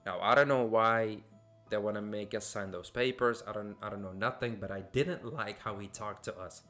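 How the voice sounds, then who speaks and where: A man's voice: on the low side, steady tone, moderate pace, pushed and bright, soft background music. A man from Syria, hosting a podcast and telling a personal story casually, with many fillers and restarts. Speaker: podcast host.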